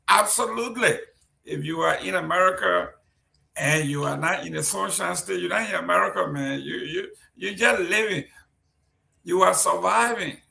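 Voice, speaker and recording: A man's voice: high voice, moderate pace, gravelly, bright, forceful tone. A man from Liberia hosting a live-streamed talk show, chatty and joking as he reads out viewers' greetings. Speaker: host. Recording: roomy echo.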